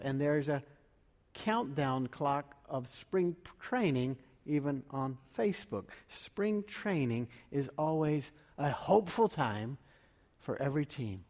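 A man delivering a sermon as pastor, measured and full of rhetorical questions. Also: a little high, darkish tone. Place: church sanctuary. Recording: long reverb of a large room.

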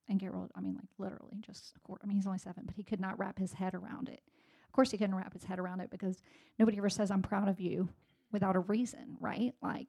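A woman in her forties shares a sermon with her church in an easy, conversational way. Her voice is gravelly with a flat, even pitch, and she often restarts her sentences. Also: a little fast. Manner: conversational, many fillers and restarts. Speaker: speaker at a church gathering. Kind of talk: sermon-style personal talk.

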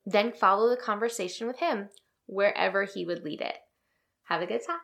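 Woman, devotional podcast host, gentle earnest delivery, gravelly low edge, mid pitch. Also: moderate pace. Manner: gentle, earnest, reads scripture aloud. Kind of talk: reflective devotional talk.

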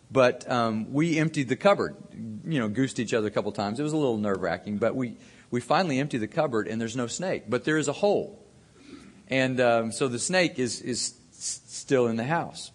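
A man preaching by telling a long homespun story, with fillers and easy asides along the way. His voice sits on the low side, and he keeps the tone conversational rather than pulpit-loud. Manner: folksy storytelling with many fillers. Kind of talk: sermon told as a personal story.

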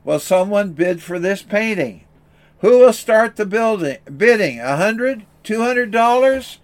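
A man's voice: high voice, expressive, measured pace, pitched above the performer's own voice. A man doing an insistent auctioneer calling bids. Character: persistent male auctioneer at an estate sale.

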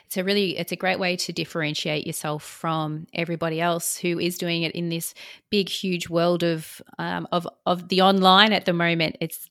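A woman's voice: on the low side, fairly bright tone, dry recording, clean studio sound. A woman hosting a podcast, chatting encouragingly with a guest and affirming what she says. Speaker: podcast host. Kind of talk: conversational podcast interview. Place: separate room, recorded remotely. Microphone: remote call, podcast mic.

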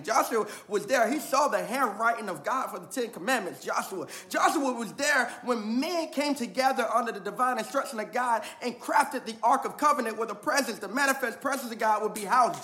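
Bright, high-voiced energetic male preacher. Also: moderate pace, hardly any pauses. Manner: energetic, playful preaching with casual slang. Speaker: pastor. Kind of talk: sermon.

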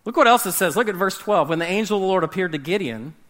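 A man preaching a sermon, animated, swinging between loud emphasis and hushed, dramatic drops. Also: high-pitched, fast talker. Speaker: pastor.

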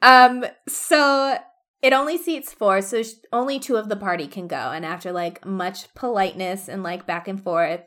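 A young woman co-hosting a casual book discussion, animated, laughing often and swearing casually. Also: mid-range voice, normal speed. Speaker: podcast co-host.

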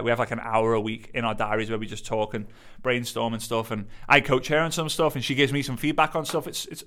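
A man, coaching an audience in an energetic, emphatic way and repeating phrases for effect. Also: medium pitch. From Liverpool, England. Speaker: business coach. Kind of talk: motivational teaching to camera.

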